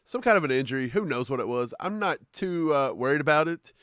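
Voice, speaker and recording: A man's voice: on the high side, expressive, quick pace, a bit bright, dry recording, clean studio sound. A man co-hosting a sports podcast, chatting casually and joking in laid-back banter. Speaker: podcast co-host. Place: Kentucky.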